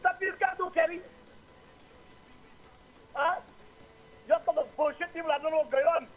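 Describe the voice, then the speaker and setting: A Saint Lucian man calls in to a talk show. His voice sits unusually high, and he keeps hammering the same insults and phrases over and over in an angry political rant. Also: normal speed, rough recording. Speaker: caller.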